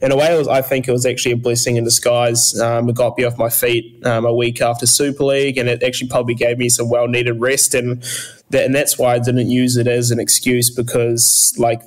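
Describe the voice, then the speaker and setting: A young man from New Zealand, a guest athlete chatting casually in an interview, relaxed and rambling with many fillers and restarts. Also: mid-range voice, fairly quick. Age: young adult. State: recovering from illness.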